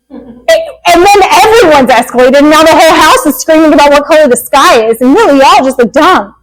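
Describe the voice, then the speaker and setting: A woman behavior analyst, herself a parent, giving a lively, joking workshop talk to parents. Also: sits high, rough recording. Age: adult parent. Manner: lively, joking, acts out quick quotes.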